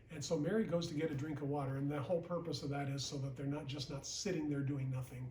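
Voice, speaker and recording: A man's voice: a little high, fairly even intonation, fast talker, hardly any pauses, a little mellow, a little hiss or hum. A man, a regional vice president, giving a recorded sales training talk in a plain, repetitive way that often checks in with "okay?". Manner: plain-spoken, repeats points, often asks "okay?". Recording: echoey room, mic at a distance.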